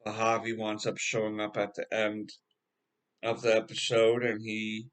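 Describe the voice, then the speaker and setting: A man casually recapping a TV episode as a reviewer, halting and rambling with frequent filler words and a laid-back, slangy way of talking. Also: fairly low pitch, completely flat delivery. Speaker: TV show reviewer.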